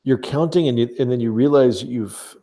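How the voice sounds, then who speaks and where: A man narrating as game master of a tabletop game, measured and dotted with fillers. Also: mid-range voice, dark tone.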